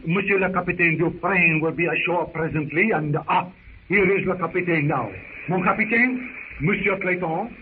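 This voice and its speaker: A man's voice: high voice, normal speed, a little hiss or hum, lightly acted. French navy lieutenant, as a man plays him. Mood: courteous. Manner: formal, courteous. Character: polite French naval lieutenant. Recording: tinny 1930s radio recording.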